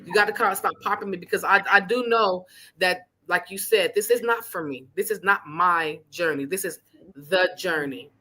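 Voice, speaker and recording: A woman's voice: fairly low pitch, moderate pace. A woman hosting an interview with casual, heartfelt, emotional talk. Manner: effusive, emotional, animated storytelling. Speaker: podcast host.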